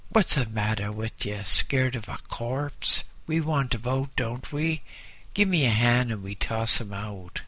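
A man's voice: mid-range voice, measured pace, pushed and bright, no echo. A man voicing a callous, bossy adult male boat thief who barks impatient orders, in a dramatized audiobook reading.

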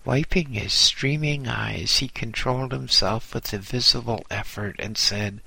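A man reading a memoir aloud in a measured, precise way. His low voice is gravelly and husky, yet bright on top. The pace is slow and the sound close and dry. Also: no echo. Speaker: narrator. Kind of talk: audiobook narration.

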